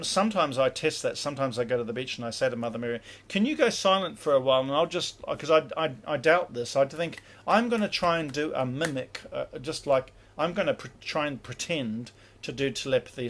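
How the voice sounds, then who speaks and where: A man's voice: medium pitch, brisk, fairly bright tone. A man teaching spiritual practice in a casual livestream, rambling with many fillers and acting out inner dialogues.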